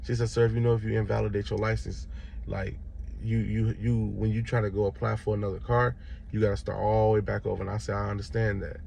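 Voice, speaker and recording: Young man, low gravelly voice, casual storyteller doing other people's voices, faint background noise. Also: fast talker. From Chicago, Illinois. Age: young adult. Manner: animated retelling, acts out other voices. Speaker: vlogger.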